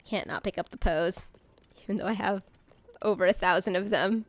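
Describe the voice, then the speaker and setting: A woman streaming live, talking casually to her chat in a rambling way, with many fillers and restarts and bubbly bursts of excitement. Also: medium pitch, moderate pace, no echo.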